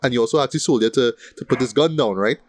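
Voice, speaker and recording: A man in a laid-back podcast chat walks through movie scenes step by step, often pausing to ask "right?". His voice is mid-pitched and ordinary for a man. The recording is dry, with no room sound. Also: dry recording. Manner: relaxed retelling of scenes, frequent "right?". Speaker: podcast co-host. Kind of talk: casual film discussion.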